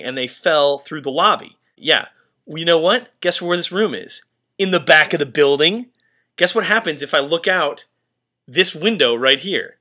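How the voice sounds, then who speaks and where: A man's voice: fairly high pitch, bright, forceful tone. A young man telling a ghost story from his hotel room, rambling with lots of fillers and working himself into a panic. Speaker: tour crew member. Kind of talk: confessional vlog to camera.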